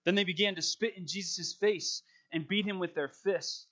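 Muffled higher-voiced male preacher. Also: moderate pace, bright, forceful tone. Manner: dramatic scripture reading, then conversational preaching with fillers. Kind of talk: sermon with scripture reading.

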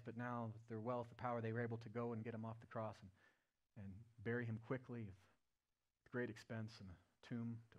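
A male pastor preaching a sermon at a church service. He retells a story vividly, moving from loud, raised passages to hushed, low ones.

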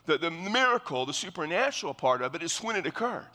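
Talking fast and very animated, a male pastor works through scripture verse by verse in a large hall. His slightly high voice is bright and forceful, and his earnest explanations often restart mid-phrase.

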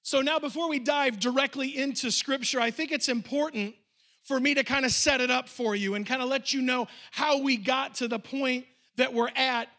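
A man's voice: very high voice, fairly even intonation, normal speed, pushed and bright. A man preaching a sermon as pastor, telling a story and speaking directly to the congregation. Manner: storytelling, emphatic, addressing the congregation. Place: church.

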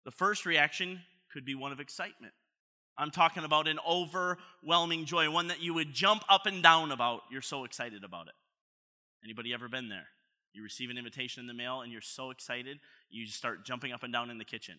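A man's voice: medium pitch, steady tone, brisk, pushed and bright. A man preaching a sermon as pastor, in a conversational, playful way, asking his congregation questions at a church service.

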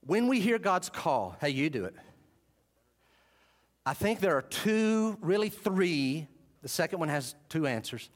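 A man preaching a sermon, switching between emphatic preaching and low, contemplative asides. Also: lively intonation, measured pace. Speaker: pastor.

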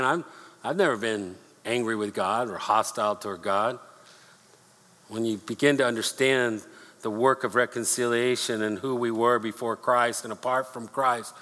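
A man preaching a sermon, earnest and repeating himself, slowing down to read scripture aloud. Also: medium pitch, pushed and bright. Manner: earnest, repeats words, slows for scripture reading. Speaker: pastor. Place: church sanctuary. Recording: long hall reverb.

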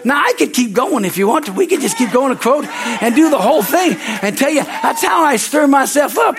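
High-voiced fervent Southern pastor preaching. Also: male voice, animated, brisk, crowd noise. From Southern United States. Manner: fervent preaching with call-and-response asides. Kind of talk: sermon. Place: church service.

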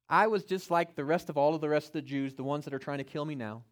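A man preaching a sermon, acting out biblical figures in first person and building to loud, climactic stretches. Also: quick pace, hardly any pauses. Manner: animated preacher, voice climbing louder and higher as he builds. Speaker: pastor.

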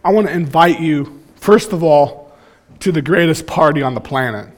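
A man in his thirties preaching a sermon, telling stories in an animated, joking way. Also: on the high side, normal speed. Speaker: pastor.

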